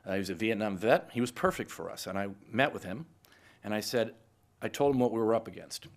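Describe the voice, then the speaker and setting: A middle-aged man holds the floor as a guest speaker. His voice sits a little low. He tells his stories lively and acts out each side of every conversation. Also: a little fast. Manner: lively storyteller who acts out both sides of conversations. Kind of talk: anecdotal speech to a live audience.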